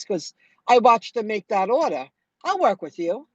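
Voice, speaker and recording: A middle-aged woman telling viewers about her delivery rounds in a chatty, animated way, acting out what people said. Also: medium pitch, measured pace, no echo, highs cut off. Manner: chatty, animated retelling with quoted dialogue. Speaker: food delivery driver vlogger. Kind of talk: casual storytelling to viewers.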